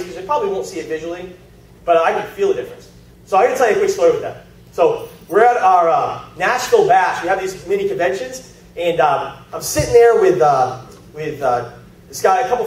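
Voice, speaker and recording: During a live sales presentation in a meeting room, a man with a high-sitting, animated voice talks a little fast, chatting, telling stories, and quizzing the audience. The room is echoey and he's heard from a distance.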